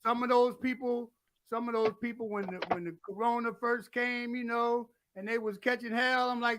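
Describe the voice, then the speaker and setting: A man talking casually as a guest musician, loud and blunt, with folksy sayings. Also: very high-pitched, little pitch movement, moderate pace, slight background noise. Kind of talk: casual chat.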